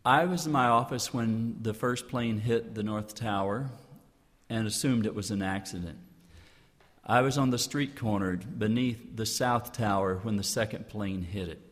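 A man's voice: on the low side, normal speed. A clergyman giving an earnest inspirational public talk, building his points through rhetorical repetition. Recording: long hall reverb.

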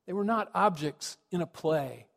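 A man's voice: high-pitched, animated, measured pace, vocal fry, fairly bright tone. A man, a minister, giving a sermon with reflective storytelling that rises to earnest emphasis. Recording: long reverb of a large hall.

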